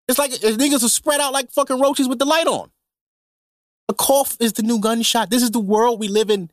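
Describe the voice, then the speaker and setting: A man's voice: extremely high pitch, brisk, dry recording, clean studio sound. A man hosting a podcast, ranting casually and comedically with lots of slang and profanity. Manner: profane, animated, heavy slang. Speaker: podcast host.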